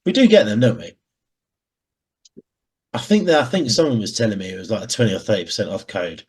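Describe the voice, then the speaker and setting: A man's voice: on the low side, animated, quick pace, slightly rough. A man with an English Midlands accent co-hosting a casual podcast, bantering and laughing often. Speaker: podcast co-host. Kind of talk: casual chat.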